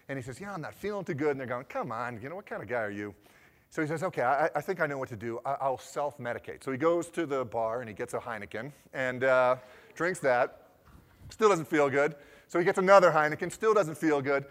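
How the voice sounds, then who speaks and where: A man in his forties giving a talk, telling lively stories and acting out the conversations he recounts. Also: fairly high pitch. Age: 40s. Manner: lively anecdotal storytelling, acting out the dialogue he recounts. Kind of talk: storytelling talk. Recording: long hall reverb.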